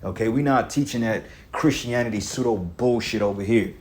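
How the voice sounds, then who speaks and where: A man's voice: on the low side, moderate pace, a little mellow, slight background noise. A man teaching scripture on a livestream, ranting heatedly and profanely, tagging lines with fillers. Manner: repetitive fillers, frequent "man". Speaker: preacher.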